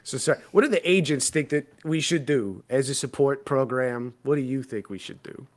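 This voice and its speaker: A man's voice: mid-range voice, moderate pace. A man playing a tabletop role-playing game, chatting casually with dry, sarcastic banter.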